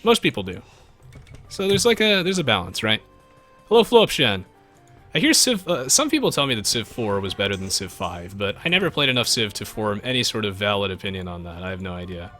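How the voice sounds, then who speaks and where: While streaming a strategy game live, a man comments on the gameplay and reads chat aloud, switching eagerly between the match and his viewers. He speaks quickly in a fairly low voice. Faint music can be heard behind him.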